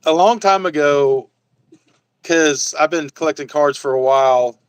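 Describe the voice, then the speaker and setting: A man's voice: on the high side, unhurried, clear, resonant tone, dry recording, rough recording. A laid-back man chatting on a livestream from home, laughing easily and reading out names from the chat. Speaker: guest and fellow collector.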